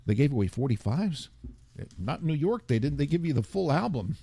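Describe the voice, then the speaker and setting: A man's voice: a little high, very animated, moderate pace, a little mellow, breathy edge, no echo. An older man hosting a radio show, chatting casually and rambling as he reads listener comments aloud. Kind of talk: casual DJ chat.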